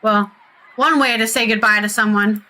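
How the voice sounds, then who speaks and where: A woman's voice: medium pitch, steady tone, moderate pace, bright, forceful tone. A woman streamer giving chatty let's-play commentary, reading quest text aloud and reacting as she plays. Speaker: gaming streamer.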